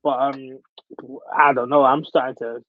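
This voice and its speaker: A man appearing as a podcast guest, chatting casually and in a relaxed way about basketball. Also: medium pitch, measured pace, no echo. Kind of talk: casual sports chat. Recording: dull, dry sound.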